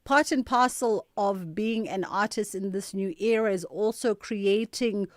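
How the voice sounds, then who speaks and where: A woman hosting a radio talk show, speaking in an animated way, drawing out words for emphasis. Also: mid-range voice, unhurried, no room sound, clean studio sound.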